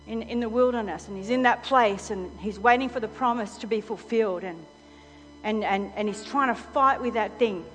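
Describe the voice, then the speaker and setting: A woman preaching a sermon, telling a story with animated delivery and frequent laughter. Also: fairly high pitch. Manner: animated storytelling, acts out quotes, laughs often. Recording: long hall reverb, faint music.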